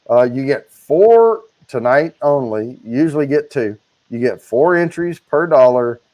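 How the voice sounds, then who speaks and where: Man, casual livestream co-host, chatty, runs through giveaway rules, mid-pitched. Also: a little mellow.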